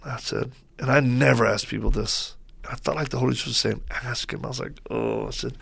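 Gravelly man, guest on a faith talk show, animated storyteller, acts out quotes. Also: medium pitch, quick pace. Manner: lively storyteller who acts out quoted voices. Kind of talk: telling stories in a faith talk show interview.

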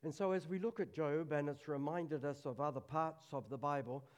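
A middle-aged man preaching a sermon at a church service, earnest, dropping to a hush on solemn lines. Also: fairly high pitch, moderate pace.

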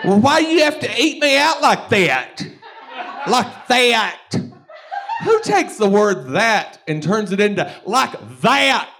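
A high, shrieking woman, indignant and flustered, who keeps repeating herself, as a male stand-up puts her on. Her pitch soars far above a normal speaking voice, and she talks in slow, drawn-out bursts. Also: sing-song, vocal fry, background noise, full character voice. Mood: shrill outrage. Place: comedy club stage.

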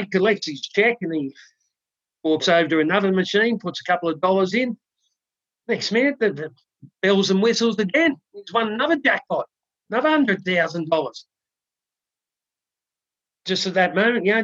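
A man co-hosts a podcast, telling a long joke in a relaxed, stop-start way full of ums and restarts. His voice sits a little high. The recording is dry and slightly dull. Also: brisk, long pauses, no echo. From Australia. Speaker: podcast co-host. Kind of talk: casual chat, telling a joke. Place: home studio in the UK.

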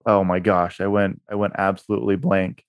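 Lower-pitched man, energetic storyteller. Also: fairly quick, dry recording, studio quality. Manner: energetic storyteller who repeats words for emphasis. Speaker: guest, real estate investor and broker. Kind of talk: podcast interview. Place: Utah.

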